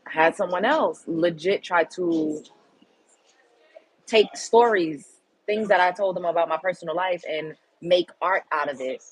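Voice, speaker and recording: A woman's voice: lowish voice, unhurried, slightly rough, low-quality recording. A woman hosting her own show, telling a personal story in a candid, emphatic and blunt way. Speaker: show host. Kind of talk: casual storytelling monologue.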